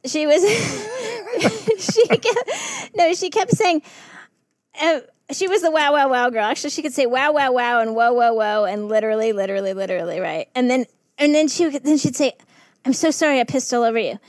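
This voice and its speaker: A woman working in festival harm reduction, telling stories in a casual podcast chat, animated and laughing often. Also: high voice, moderate pace, no echo, studio quality.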